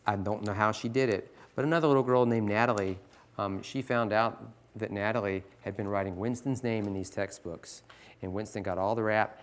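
A man in his forties, a teacher, earnestly teaching other teachers with scripture and stories. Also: on the low side. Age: 40s. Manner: earnest, pleading, reads scripture aloud.

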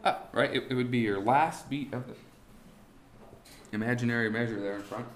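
A man teaching a class on musical timing, talking haltingly with many restarts and asking the students rhetorical questions. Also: mid-range voice, roomy sound, a little hiss or hum. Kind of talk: classroom lesson on beat patterns. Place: warm indoor classroom.

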